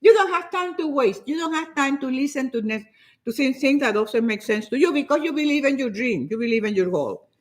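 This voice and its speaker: Lively, animated older woman preaching motivation. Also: sits high, fairly quick. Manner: animated and preachy, repeats herself for emphasis; acts out other people's nagging voices. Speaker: motivational speaker. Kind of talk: motivational talk.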